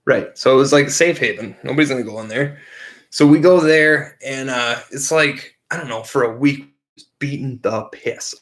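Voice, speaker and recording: A young man spins a rowdy yarn on a casual podcast, swearing freely and padding his lines with "like" and "frickin'". He rambles from one detail to the next and drops into quick put-on voices for his friends. His voice sits at a middling pitch. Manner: rambling, profane, animated retelling with filler "like" and "frickin'"; acts out quoted friends with shifted voices. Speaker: podcast co-host. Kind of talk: casual storytelling.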